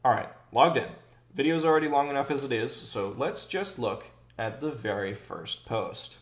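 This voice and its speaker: A man hosting a comedic commentary video, sarcastic, animated and self-aware. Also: mid-range voice, normal speed, roomy sound, over music. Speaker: video essayist.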